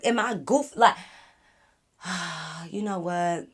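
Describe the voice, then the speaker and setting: A woman vlogger telling a storytime in a casual, animated, profane and exasperated way. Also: on the low side, slow, slightly rough.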